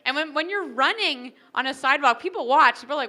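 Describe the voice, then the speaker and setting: Lively woman doing stand-up. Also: high-pitched, fast talker. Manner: animated, chatty, acts out characters. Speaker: stand-up comedian. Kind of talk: stand-up comedy set. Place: wedding reception hall.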